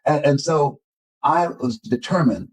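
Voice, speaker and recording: Older man, husky voice, emphatic storytelling, acts out quoted voices. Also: a little high, animated, unhurried, poor audio. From Florida, United States. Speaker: motivational speaker. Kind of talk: interview storytelling.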